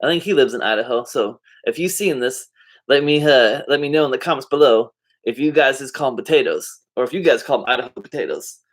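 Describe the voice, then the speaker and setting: A man's voice: medium pitch, fairly quick. A man talking casually to the camera in a vlog, rambling and drifting off topic, with many fillers and easygoing slang. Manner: laid-back slangy talk. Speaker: vlogger.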